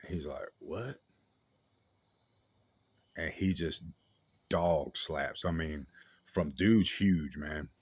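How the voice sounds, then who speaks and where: A man with a very deep voice talks straight into a dry, close microphone. His story comes out casual and slangy, full of restarts and fillers. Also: takes it slowly, husky, dry recording.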